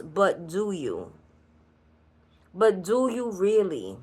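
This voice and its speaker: In a solo creator recording, a woman with a New York Puerto Rican accent gives a channeled card reading, blunt and chatty with laughter sprinkled in. Her mid-range voice has lively intonation, and she speaks slowly.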